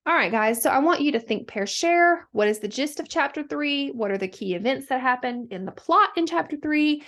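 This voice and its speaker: A woman teacher giving a recorded lesson, talking students through the steps in a steady, instructional way with frequent fillers. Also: high-pitched, a little fast.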